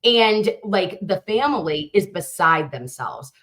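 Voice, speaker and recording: A woman's voice: on the low side, sing-song, slow pace, a bit bright. A woman guest, a true crime content creator, talking through cases in a rambling way and often restarting her sentences. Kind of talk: conversational interview.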